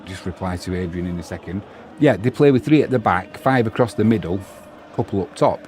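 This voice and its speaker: This man's voice sits low and sounds expressive, a little fast and a little mellow, over a slight hiss or hum. He does live solo football commentary, weaving play-by-play together with opinionated asides and responses to viewer chat.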